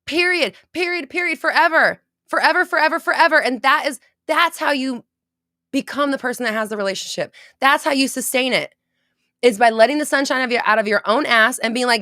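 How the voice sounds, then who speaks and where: Woman podcast host, blunt and profane, emphatic, fairly high voice, dry close sound. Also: fairly quick, bright, forceful tone, dry recording. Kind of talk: casual motivational talk.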